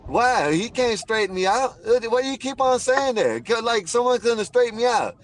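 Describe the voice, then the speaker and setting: A man with a fairly high voice argues back over a stream call. He is insistent and taunting, repeating the same jabs again and again. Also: sing-song, normal speed. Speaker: caller on a stream. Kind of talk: heated argument with a streamer.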